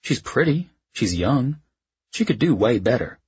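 A man's voice: mid-range voice, sing-song, unhurried, a little mellow, breathy edge, muffled recording, pitched above the performer's own voice, heavily acted. A man voicing a bookish, joking young husband, playful and teasing, in an audiobook. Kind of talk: audiobook character voice.

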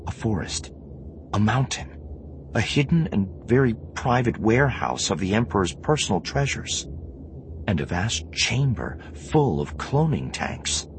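A man reading a novel aloud as an audiobook narrator, with measured, expressive delivery. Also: on the low side, background noise. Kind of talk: scripted narration.

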